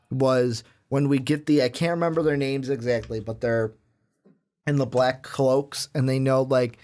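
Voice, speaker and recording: A young man co-hosting a casual gaming podcast, excitable and given to casual swearing. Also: medium pitch, normal speed. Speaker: podcast co-host. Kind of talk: casual chat.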